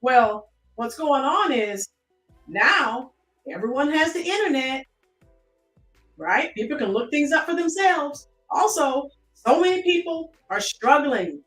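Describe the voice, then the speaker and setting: A woman's voice: sits high, animated, unhurried, fairly bright tone, roomy sound, distant mic, soft background music. An American woman hosting a live-stream commentary, chatting and greeting her chat viewers by name. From United States.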